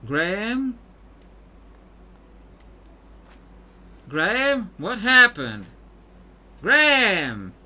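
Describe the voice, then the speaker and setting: A man's voice: medium pitch, unhurried, sharp tone. Miss Fortune, a man voicing her in a Southern drawl. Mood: alarmed. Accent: put-on Southern belle. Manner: determined, reading game dialogue aloud. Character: confident woman pirate captain hunting kidnappers.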